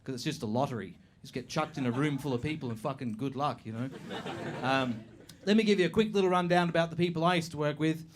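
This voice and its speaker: A high-voiced man performing stand-up on a club stage. He swears freely and slips into mocking impressions of strangers. His delivery is animated and loose, with the laughter of a live audience around him. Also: fast, background noise. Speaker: stand-up comedian. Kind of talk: stand-up comedy set.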